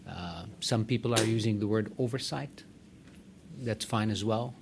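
A man's voice: on the low side, measured pace, gravelly, noisy background. A man executive giving direct, emphatic remarks to a meeting. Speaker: organization executive addressing a meeting. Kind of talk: conference remarks.

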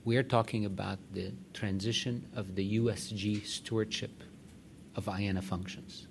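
A man's voice: on the low side, steady tone, normal speed, creaky, slight background noise. A man executive giving direct, emphatic remarks to a meeting. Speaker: organization executive addressing a meeting. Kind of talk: conference remarks.

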